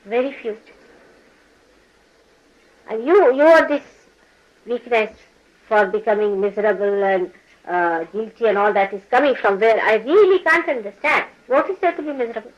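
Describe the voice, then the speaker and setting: A woman's voice: fairly high pitch, lively intonation, normal speed, lo-fi sound. An older woman giving a spiritual talk to her followers, scolding and teasing them, laughing often and acting out the people she quotes. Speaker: spiritual teacher. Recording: archival talk recording.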